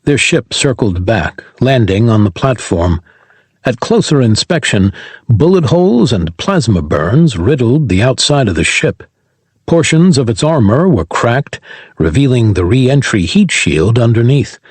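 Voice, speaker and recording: A man reads an audiobook with a husky, slightly breathy voice. His pitch rises and falls in an animated way, and the recording is close and dry with no room sound. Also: measured pace, dry recording. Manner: voices every character himself. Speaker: audiobook narrator. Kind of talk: scripted audiobook narration.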